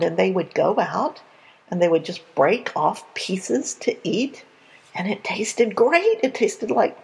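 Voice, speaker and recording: A woman telling a Bible story in an animated, conversational way for young listeners. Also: mid-range voice, slow, gravelly, husky, poor audio.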